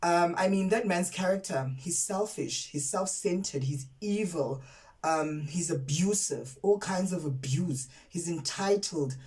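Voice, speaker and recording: This TV series reviewer and content creator from South Africa has a lowish, slightly mellow voice and talks a little slowly. The audio is low-quality, with the mic far away. Her outraged, candid review is casual and emphatic, full of words repeated for effect.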